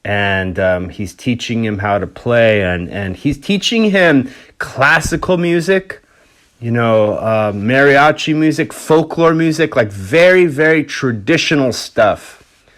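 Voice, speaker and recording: A man hosting a podcast, telling a story in a relaxed, rambling way, swearing freely. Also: mid-range voice, slow pace. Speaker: podcast host.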